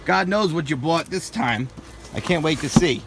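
Joking man with a lively voice. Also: fairly high pitch, moderate pace, heavy background noise. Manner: joking, teasing, grumbling. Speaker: vlogger. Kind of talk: casual family vlog banter. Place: at home and outdoors on the street.

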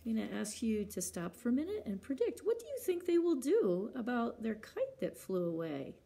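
A woman's voice: fairly high pitch, sing-song, moderate pace, vocal fry, warm tone, slightly rough. A woman librarian reading picture books aloud at children's story time, acting out sound words and stopping to ask the children questions.

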